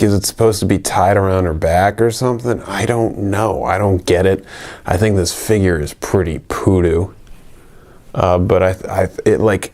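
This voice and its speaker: Man with a low voice, offhand toy reviewer who rambles and jokes. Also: a little mellow. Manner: rambling, joking, many fillers and restarts. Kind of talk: casual unscripted toy review.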